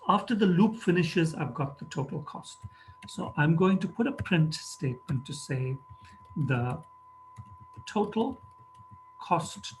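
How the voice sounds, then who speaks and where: A man teaches programming over a screen recording, typing at his computer and explaining every step methodically. His voice is fairly high-pitched, with a little hiss or hum in the audio.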